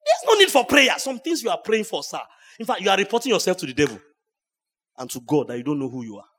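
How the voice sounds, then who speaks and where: A pastor preaching at a church service, his voice sitting fairly high for a man. He swings from quiet, dropped asides to loud, ringing shouts. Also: big pitch swings, fast talker. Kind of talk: sermon.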